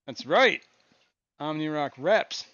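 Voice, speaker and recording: A man hosting a casual live stream from his fish room, talking in a relaxed, rambling way with frequent chuckles. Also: fairly high pitch, slow, no room sound, highs cut off. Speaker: aquarium stream host.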